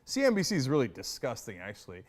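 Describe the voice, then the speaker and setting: A man giving animated, sarcastic political commentary and mocking the people he discusses. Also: medium pitch, fast talker. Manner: mimics others in exaggerated voices.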